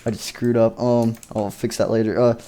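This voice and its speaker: A man improvising a playful story over game footage, rambling along with frequent ums and restarts. His voice is mellow and relaxed, sitting in a middling pitch. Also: moderate pace. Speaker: video narrator.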